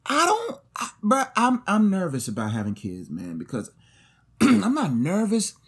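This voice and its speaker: A young man co-hosting a podcast in casual chat, animated and slangy, often acting out other people's voices. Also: high voice, unhurried, husky. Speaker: podcast co-host.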